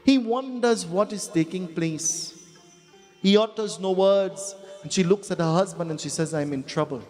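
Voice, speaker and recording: In an echoey hall with faint background music, a pundit with a Trinidadian accent gives a humorous, folksy devotional sermon, repeating phrases as he tells his stories. His voice sits high and sounds a little mellow.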